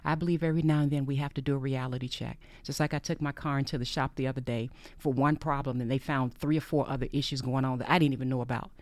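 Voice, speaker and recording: A podcast host giving an earnest faith-based monologue, repeating phrases for emphasis and often sinking into a breathy whisper. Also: medium pitch, fairly even intonation, quick pace, hardly any pauses, no echo.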